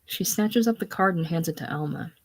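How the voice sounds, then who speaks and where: A woman reads the stage directions aloud in a casual play reading. Her voice sits somewhat low, and she reads plainly and evenly. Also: fairly quick, husky. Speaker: reader of a play.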